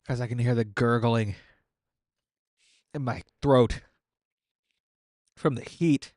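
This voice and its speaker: Slow and darkish in tone, this man's mid-range voice comes through in clean studio sound without echo. A gaming content creator, he streams a game while eating painfully spicy wings, sweating, teary and groaning exasperatedly as he talks casually through the suffering.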